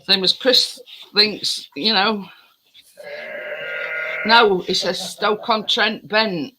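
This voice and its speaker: A man's voice: high-pitched, fairly even intonation, very slow, background noise. A man chatting in a rambling, easily distracted way as he bakes in his home kitchen. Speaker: home baking vlogger. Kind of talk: casual chat while baking.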